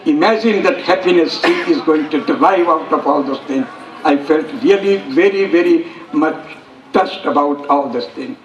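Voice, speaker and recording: Indian guy giving a speech at a school event, kinda high voice, sounds far from the mic in an echoey hall. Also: slight background noise. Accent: Indian English. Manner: earnest, repetitive, emphatic phrasing. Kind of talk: public speech.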